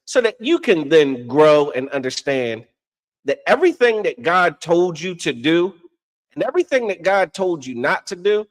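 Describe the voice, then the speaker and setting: At a normal speed, a man with a fairly high, sing-song voice co-hosts a casual religious conversation. Preachy in his teaching, he often checks "you understand?" and laughs at his own stories.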